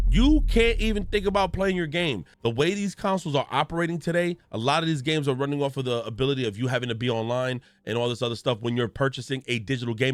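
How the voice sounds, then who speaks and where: A man's voice: on the high side, dry recording. A man, a gaming streamer, giving ranting news commentary in a profane, storytelling way with exaggerated reactions.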